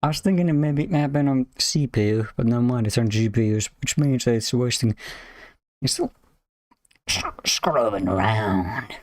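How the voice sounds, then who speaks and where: A man's voice: medium pitch, fairly quick, a little mellow, no room sound. A man streaming himself as he codes, thinking aloud in clipped half-sentences to himself and swearing when things break. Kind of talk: muttering to himself while coding. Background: keyboard typing.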